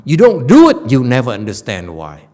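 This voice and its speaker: A man's voice: medium pitch, wildly swooping pitch, normal speed, warm tone. A male Buddhist teacher giving an informal Dharma lecture in a meditation center hall, speaking bluntly and scolding, repeating words for emphasis.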